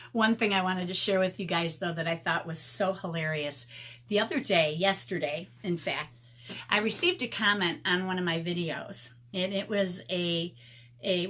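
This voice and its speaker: A woman's voice: fairly low pitch, a bit bright. A woman in her fifties chatting casually with viewers in an art vlog, often laughing as she tells stories. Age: 50s. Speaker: art vlogger.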